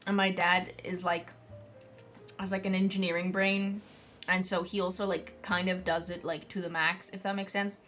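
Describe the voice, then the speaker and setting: A woman's voice: lowish voice, level tone, normal speed, fairly bright tone, faint music behind. A young woman streaming as a vtuber, chatting casually to her viewers and rambling with lots of filler words. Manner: rambling, heavy use of "like" fillers. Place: home streaming setup.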